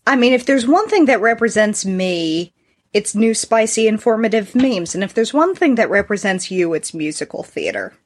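A woman in her thirties hosting a podcast, chatting casually with wry, deadpan humor. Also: fairly high pitch, normal speed. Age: 30s. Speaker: podcast host. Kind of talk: casual chat.

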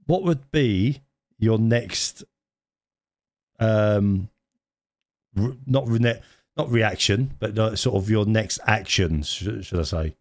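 A man co-hosting a podcast, chatting casually, animated and laughing often as he reacts. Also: fairly low pitch, slow pace, pauses often, no room sound, studio quality. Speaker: podcast co-host. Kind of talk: casual chat.

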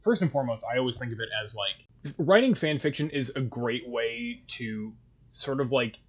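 A young man with a Canadian accent co-hosts a podcast, his voice slightly husky. He talks in a wry, joking way and swears freely in casual chat. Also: mid-range voice, expressive, normal speed. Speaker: podcast co-host.

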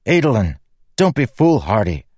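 A man's voice: sing-song, moderate pace, a little mellow, husky, no echo. A man voicing an earnest young male warrior who pleads urgently, lifting his voice well above his own. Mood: urgent pleading. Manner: pleading, raised higher voice.

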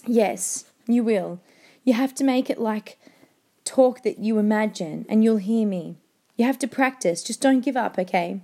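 A woman reading the lines of a dying father who gently urges his son on, while she reads a novel aloud to a class. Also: fairly high pitch, a little slow. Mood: tender. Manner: quiet, gentle and insistent.

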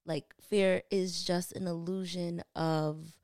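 A woman's voice: on the low side, level tone, slow, a little mellow, dry recording, studio quality. A woman from New Jersey, a guest on a podcast, chatting casually with a playful, self-deprecating manner.

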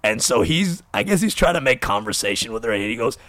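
Lively young man telling a story. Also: mid-range voice, a little fast, dry recording. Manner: animated, acts out quoted voices. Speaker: podcast co-host. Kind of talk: casual storytelling chat.

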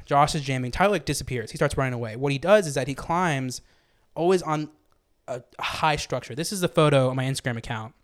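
Fast-talking excited young man. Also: mid-range voice. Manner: fast, enthusiastic, rambling with many fillers. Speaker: podcast co-host. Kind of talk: casual music review chat.

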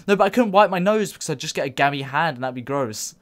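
A man's voice: on the high side, expressive, fast talker. A young man co-hosting a podcast, teasing his friends, swearing and laughing in casual chat. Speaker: podcast co-host.

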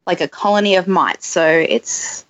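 A woman's voice: lowish voice, normal speed, highs cut off. A woman from Australia, a tattoo artist guest, chatting casually on a podcast and reading news bits aloud with frequent laughs.

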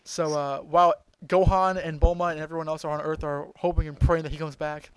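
A man's voice: a little high, brisk, clean tone, no echo, poor audio. Chatty man recapping a cartoon, dry sound. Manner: excited, rambling, many fillers and restarts. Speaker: podcast host. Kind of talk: casual episode recap.

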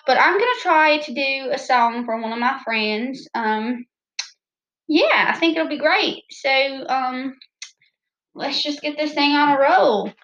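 A woman's voice: high-pitched, a little slow, fairly bright tone, lo-fi sound. A woman with a Southern American accent chatting casually and ramblingly to her viewers about the songs she plans to sing. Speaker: vlogger singing covers.

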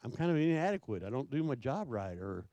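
A man preaching a sermon, asking his listeners question after question in a slow, emphatic way. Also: medium pitch, sing-song, dark tone, no room sound, highs cut off. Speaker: pastor.

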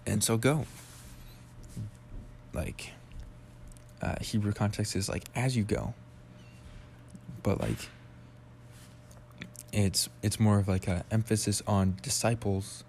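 A man's voice: on the low side, slow, gravelly, long pauses, a little mellow, slight background noise. A young man hosting a casual Bible study podcast, talking loosely and rambling, with a lot of "like" and restarts. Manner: loose, rambling, heavy use of "like". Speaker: podcast host.

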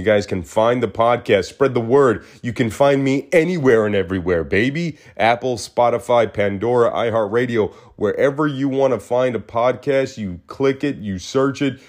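A man's voice: on the low side, a little mellow. A man hosting his own podcast in a casual solo chat, rambling and repeating himself, with an upbeat sign-off. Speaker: podcast host.

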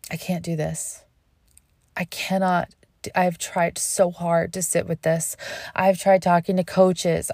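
A woman in her thirties telling a candid personal story, interrupting herself, laughing at her own words and dropping to a hush when she relives hard moments. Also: fairly low pitch, no echo, clean studio sound.

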